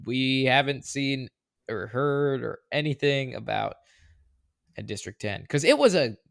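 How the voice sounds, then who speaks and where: Man, gravelly voice, podcast co-host, laid-back joking chat, dry close mic. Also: mid-range voice, lively intonation, a little slow, no echo. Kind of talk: casual chat.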